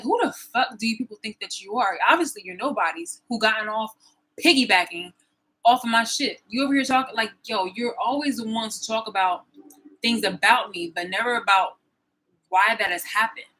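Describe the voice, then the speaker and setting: A woman in her thirties with a bright, forceful voice and a husky edge. She rants to her viewers in a profane, confrontational way, circling back and repeating herself. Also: on the high side, low-quality recording. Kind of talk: angry personal vlog rant.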